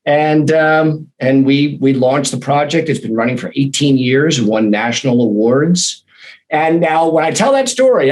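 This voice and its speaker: A man telling a personal anecdote in a lively, animated way, acting out the voices in his quotes. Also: a little high, rough recording. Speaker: guest, storytelling consultant.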